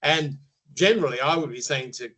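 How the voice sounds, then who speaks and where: Man with a slightly high, measured voice. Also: sharp tone, poor audio. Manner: measured, explanatory, frequent pauses to rephrase. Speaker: media trainer guest. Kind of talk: podcast interview answers.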